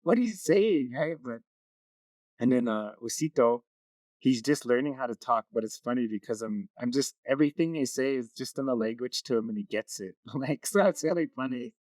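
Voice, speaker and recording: A man's voice: medium pitch, brisk, darkish tone, dry recording. A man, a community knowledge keeper, talking easily in an interview and telling stories. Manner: easygoing storyteller. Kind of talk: casual interview talk.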